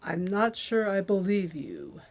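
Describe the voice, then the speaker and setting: A woman voicing a cold, commanding male interrogator who asks clipped, demanding questions in a slow reading. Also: mid-range voice, sing-song, a little mellow. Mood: menacing.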